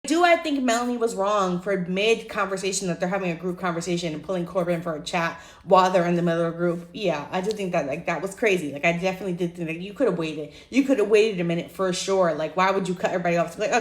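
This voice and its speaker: A woman's voice: fairly low pitch, fast, hardly any pauses, roomy sound. A young woman ranting casually about a reality show, blunt and profane, acting out what people said. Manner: animated, blunt, profane, acts out quotes. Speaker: reality TV commentator. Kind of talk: casual opinion rant to camera.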